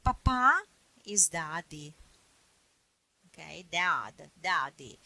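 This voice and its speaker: Italian-accented woman teaching a language class, slow and patient, bright tone, a little low-pitched. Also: big pitch swings, dry recording, rough recording. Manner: patient, repeats words slowly. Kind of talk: classroom grammar lesson.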